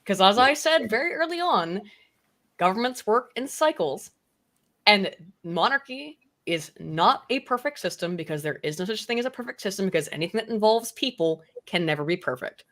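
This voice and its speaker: A woman in a casual livestream debate, pressing her case with blunt emphasis and the odd curse. Her voice sits at an ordinary middle pitch for a woman, neither high nor low. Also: lively intonation, normal speed, fairly bright tone. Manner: emphatic, argumentative, swears freely. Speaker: debate guest.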